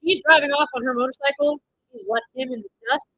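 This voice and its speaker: A woman streaming a watch party, blurting excited reactions, swearing, and recapping the plot in loose, rambling sentences. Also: high voice, quick pace, highs cut off. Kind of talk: live watch-party commentary.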